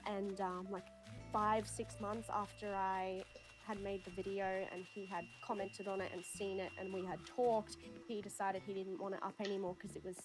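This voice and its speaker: A woman talks casually and at length, her speech full of "like" and "um". Her voice sits at a middling pitch, with game music clearly playing behind her. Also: flat delivery, normal speed. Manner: chatty and peppered with "like" and "um". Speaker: stream guest and video creator. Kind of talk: casual chat.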